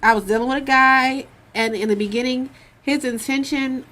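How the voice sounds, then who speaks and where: A woman's voice: high voice, steady tone, moderate pace, background noise. A woman co-hosting a casual talk show, blunt and profane, telling stories about her dating life. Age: adult with a son. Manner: blunt and profane, tells stories with acted quotes. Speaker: podcast co-host. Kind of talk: frank casual girl talk.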